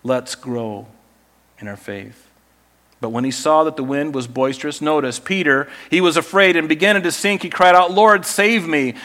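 A man's voice: fairly high pitch, normal speed. Conversational male pastor preaching a sermon. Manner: conversational, animated storytelling preacher.

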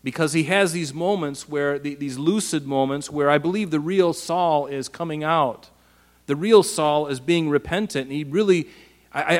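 A pastor preaching a casual, animated Bible-teaching sermon, asking his listeners rhetorical questions. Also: on the high side, big-room sound.

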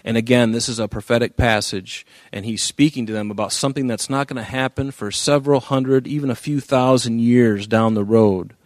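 A man's voice: medium pitch, steady tone, brisk, few pauses, dry recording. Man teaching a Bible passage, dry sound. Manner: conversational, with frequent fillers and restarts, rising when reading scripture aloud. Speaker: pastor.

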